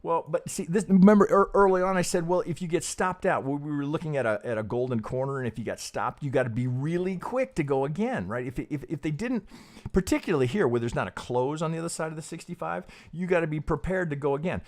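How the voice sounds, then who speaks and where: A man hosting a casual trading live stream, thinking aloud as he goes, swearing freely and asking "right?" again and again. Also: quick pace. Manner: pitch jumps up when emphatic, drops low and soft when muttering.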